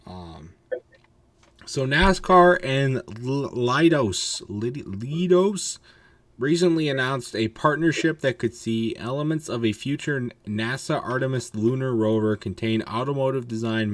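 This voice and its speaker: Yawning and worn out, a man hosts a laid-back podcast, wandering off track, cursing liberally and starting his sentences over. He speaks at a normal speed in a mid-range voice.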